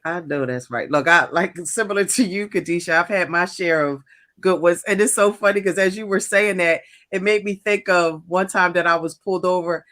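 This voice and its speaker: A woman co-hosting a talk show, telling a story in a lively way with frequent laughter. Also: lowish voice, normal speed. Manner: animated storyteller, laughs often. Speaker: co-host. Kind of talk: casual chat.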